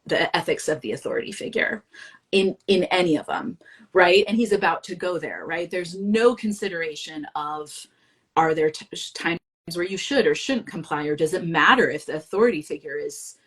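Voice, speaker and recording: A woman co-hosts a relaxed live-stream conversation in a husky, somewhat low voice. She talks her thoughts through, with hedges and self-corrections along the way. The tone is reflective and conversational. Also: normal speed. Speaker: co-host. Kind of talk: casual discussion on a live stream.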